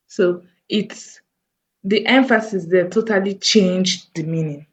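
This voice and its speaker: A woman teaching a coding lesson over a screen recording, thinking aloud slowly as she types. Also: lowish voice, slightly rough, lo-fi sound. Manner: slow, thinking aloud while typing. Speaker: coding tutor.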